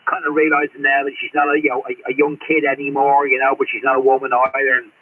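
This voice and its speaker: A man's voice: mid-range voice, little pitch movement, fast, husky. A middle-aged Australian man chatting on CB radio, rambling and swearing all the time. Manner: rambling, swears constantly, blunt. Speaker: CB radio operator. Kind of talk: casual radio chat. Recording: tinny radio transmission.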